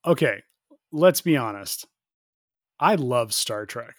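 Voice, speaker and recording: A man co-hosting a casual podcast chat about a film, jokey and animated, acting out bits in a high voice. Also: slow pace, no room sound, studio quality. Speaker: podcast co-host.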